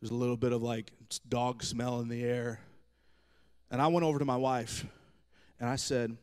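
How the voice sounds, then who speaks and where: A man's voice: mid-range voice, little pitch movement, normal speed, darkish tone, clear, resonant tone. A man in his thirties preaching a humorous sermon, telling stories from his own marriage with self-deprecating jokes. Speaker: pastor.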